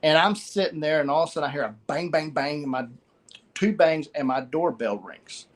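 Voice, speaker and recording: A middle-aged man telling a personal story as an interview guest, halting and repeating words. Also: a little high.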